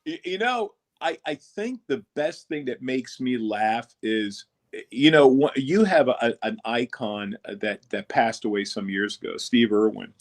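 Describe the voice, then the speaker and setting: A man's voice: mid-range voice, expressive, unhurried. A man, a comedian guest on a radio show, telling rambling stories in casual chat. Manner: rambling storytelling, acts out voices.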